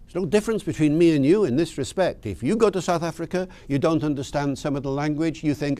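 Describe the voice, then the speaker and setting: A man giving a lively explanatory talk, putting rhetorical questions to his listeners and repeating key words for emphasis. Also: a little high, fairly quick, hardly any pauses, dry recording. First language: English. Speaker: lecturer. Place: lecture or talk in Serbia.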